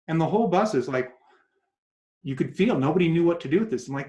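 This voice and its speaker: A man giving advice as a guest in an interview, animated and acting out quoted voices as he tells stories. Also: fairly high pitch, fast, pauses often. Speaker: guest coach. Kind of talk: casual interview talk. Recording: echoey room.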